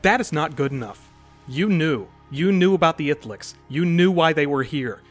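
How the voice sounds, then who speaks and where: A grief-maddened blue-skinned man, played by a man, barks accusing questions in a loud, high-pitched voice. Faint music hums underneath. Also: animated, moderate pace. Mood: furious. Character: grieving enraged blue-skinned man confronting an officer.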